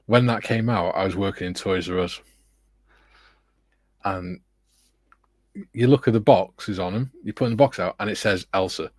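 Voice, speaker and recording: A middle-aged man with a low voice tells chatty stories on a relaxed livestream, laughing at his own anecdotes. The sound is dry and close, with no room around it. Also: moderate pace, pauses often, no echo. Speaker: livestream co-host reading viewer comments. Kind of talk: casual livestream chat. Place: home hobby room.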